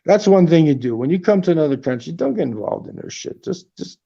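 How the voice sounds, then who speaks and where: A man hosts a casual livestream from his apartment, spinning rambling stories full of profanity. His voice sits fairly high, with lively intonation, a quick pace, vocal fry and a warm tone. The sound is lo-fi.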